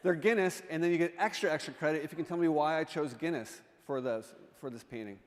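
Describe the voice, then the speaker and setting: Speaking fast at a fairly high pitch, an artist in residence jokes his way through an illustrated talk to a congregation and keeps quizzing his listeners. The church sanctuary gives his voice a long reverb.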